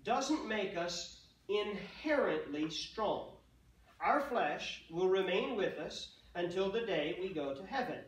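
A man teaching an adult Sunday school class, talking with the group, asking them questions and slowing down to stress key words. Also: high-pitched, fairly bright tone, distant mic. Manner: conversational, asks the class questions, slow emphatic stresses. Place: church classroom. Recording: roomy sound, speaker off mic.

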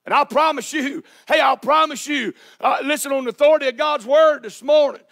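High-pitched preacher hollering. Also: male voice, brisk, gravelly, fairly bright tone. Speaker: pastor. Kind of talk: sermon. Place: church sanctuary.

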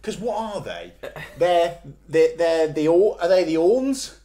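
A man's voice: on the high side, lively intonation, slow, mellow. A man hosting a podcast, bantering and laughing often. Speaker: podcast host. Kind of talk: casual chat.

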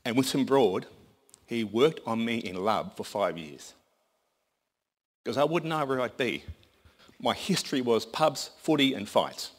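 A man's voice: mid-range voice, lively intonation, unhurried, pauses often. Folksy male preacher. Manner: conversational, folksy. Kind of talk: sermon with storytelling.

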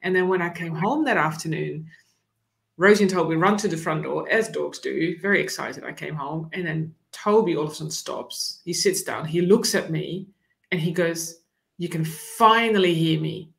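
A woman who is an animal communicator, telling her story in an interview, relaxed and full of "you know" asides. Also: deep voice, normal speed, gravelly.

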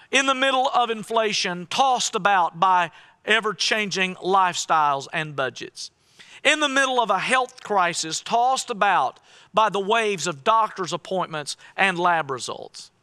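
Male pastor, sermon. High voice, bright and forceful. Dramatic and emphatic, leans on repeated phrases. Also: smooth.

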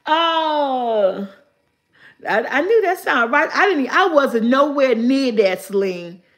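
A woman with a high-pitched voice and lively intonation hosts a casual live stream. She reads riddles from her chat aloud, repeats them slowly and laughs often.

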